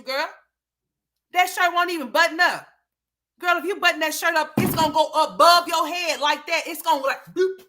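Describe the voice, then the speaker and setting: Brief: woman commentary host, bright and forceful tone, somewhat high pitch, blunt and profane, scolds freely. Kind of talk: reaction commentary.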